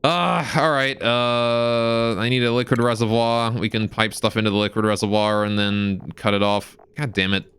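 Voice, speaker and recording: A man's voice: medium pitch, steady tone, normal speed, hardly any pauses, a bit bright, clear, resonant tone. Sex: man. Role: live streamer. Style: gameplay commentary, cursing and muttering at the game, chatting with viewers. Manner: talks to viewers between game instructions.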